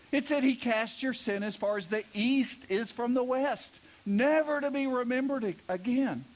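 A man's voice: sits high, animated, a little slow. A middle-aged man preaching a sermon as pastor, telling stories and stressing key words with emphasis. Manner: storytelling with emphatic preaching, voices quoted characters.

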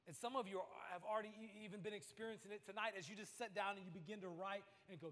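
A male pastor preaching with a dramatic sweep, moving between near-whispers and ringing emphasis. His voice sits a little high for a man and rings through a large, reverberant church hall. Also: fairly even intonation, fast, few pauses. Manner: dramatic, swings from hushed to emphatic. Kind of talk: sermon.

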